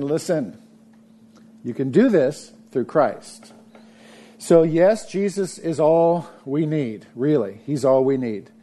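Mellow-voiced man preaching a sermon. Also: fairly high pitch. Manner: earnest preaching, drops to soft murmur for emphasis. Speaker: pastor.

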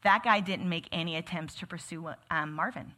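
Speaking at a moderate pace, this church teacher has a lowish voice that comes across pushed and bright. She guides a book study group in a relaxed, preachy style, chatting along with frequent "like" and "right?".

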